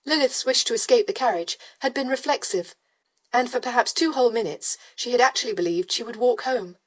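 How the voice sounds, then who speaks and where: A woman narrating a historical romance audiobook in a measured, even storytelling manner. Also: on the high side. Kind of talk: scripted narration.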